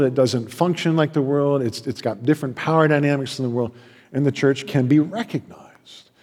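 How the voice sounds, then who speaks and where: A man preaching a sermon as a pastor, passionate, swinging between loud emphasis and hushed asides. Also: mid-range voice, breathy edge. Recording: long hall reverb.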